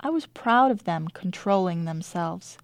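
A woman's voice: on the low side, expressive, measured pace, no room sound. A woman teacher reading her own diary entries aloud in a dry, wry storytelling manner.

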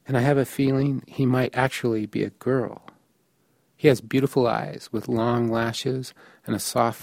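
A man's voice: mid-range voice, gravelly, darkish tone, no room sound. Guy telling his own travel story, plain matter-of-fact voice, very dry close sound. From United States. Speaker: narrator. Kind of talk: first-person story narration.

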